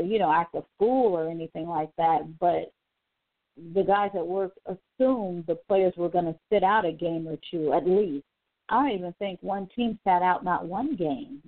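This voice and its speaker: A woman hosting a casual talk show, telling a story in an animated way and acting out the quotes, sounding exasperated. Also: on the low side, no room sound. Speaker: show host. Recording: phone-like dry audio.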